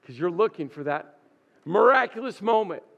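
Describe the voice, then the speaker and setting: Pastor preaching, fairly high voice, goes quiet and hushed for effect. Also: male voice, sing-song, normal speed, gravelly, highs cut off. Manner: dramatic, drops to soft near-whisper. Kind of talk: sermon.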